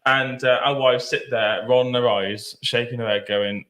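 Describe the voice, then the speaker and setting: Bright joking man in an echoey room. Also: mid-range voice, steady tone, moderate pace. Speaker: podcast co-host. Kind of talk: live charity podcast chat.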